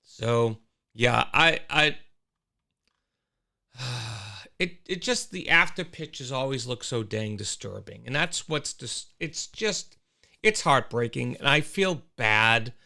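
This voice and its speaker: A man's voice: medium pitch, takes it slowly, vocal fry. A man hosting a casual livestream show, talking animatedly and greeting viewers from the chat. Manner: animated, exclaiming, with frequent restarts.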